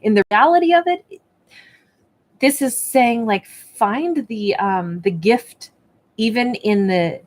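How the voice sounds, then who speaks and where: A woman's voice: a little high, takes it slowly. A woman giving a spoken tarot and oracle card reading at home, talking in a reflective, encouraging way with lots of fillers. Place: indoors at a table with her card decks.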